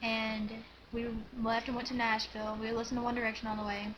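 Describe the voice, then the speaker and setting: A teenage girl chatting casually on a home video, excited and rambling, with lots of giggles and "like"s. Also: on the high side, a little fast, noisy background. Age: teens. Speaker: vlogger. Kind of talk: casual storytelling chat.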